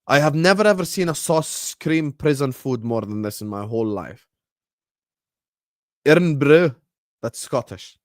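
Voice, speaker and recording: A man hosting a football watchalong stream, bantering with chat and breaking into loud bursts when the match heats up. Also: medium pitch, animated, unhurried, long pauses, no echo, clean studio sound. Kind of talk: casual live-stream chat with match commentary.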